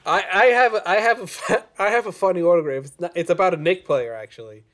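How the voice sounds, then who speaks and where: Brief: male co-host, slightly high voice, laughs and cusses while telling stories. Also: fairly quick, a bit bright. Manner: laughs through stories, swears. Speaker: podcast co-host. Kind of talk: casual chat.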